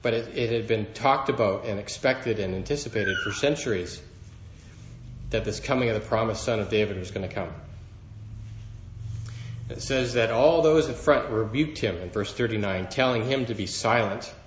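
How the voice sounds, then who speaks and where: A man's voice: fairly low pitch, normal speed, reverberant, highs cut off, slight background noise. A man preaching a sermon to a congregation, earnest and building emphasis as he quotes scripture. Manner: earnest, rising in emphasis when quoting scripture.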